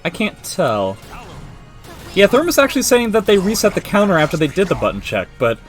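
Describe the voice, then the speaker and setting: Excitable male stream commentator. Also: sits high, soft background music. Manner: excitable, joking, quick to react. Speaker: esports commentator and stream host. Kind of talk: live fighting game commentary.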